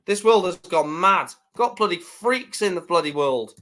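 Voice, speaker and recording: High, bright, shouting man. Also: expressive, normal speed. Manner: shouts goals, swears freely. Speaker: live stream host doing football reaction. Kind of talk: excitable play-by-play commentary and chat.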